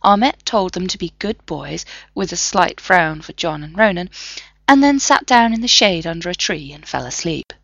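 A woman reads a story aloud in a low, expressive voice that rises and falls freely, with a gravelly texture. Her playful delivery sits dry and close to the mic. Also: normal speed, no echo, lo-fi sound. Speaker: reader. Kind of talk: reading fan fiction aloud.

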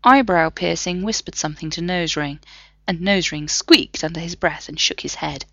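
A woman reading fan fiction aloud with expressive, playful storytelling. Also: on the low side, moderate pace, no echo, highs cut off. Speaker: reader.

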